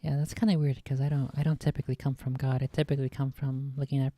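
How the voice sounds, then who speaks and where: A man chatting casually with a streamer, making dry, deadpan crude jokes. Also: medium pitch, fast. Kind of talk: casual chat.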